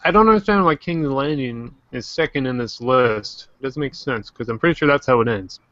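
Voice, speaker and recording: Bright, joking man hosting a stream. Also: medium pitch, fairly quick, dry recording, muffled recording. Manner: joking, animated, quotes characters in silly voices. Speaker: host. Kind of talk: casual livestream discussion.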